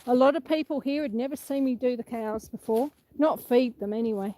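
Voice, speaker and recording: A woman streams live from her rural homestead using a handheld phone, slightly winded as she chats casually and reads out comments from viewers. She speaks briskly in a fairly high, mellow voice, and the recording quality is low.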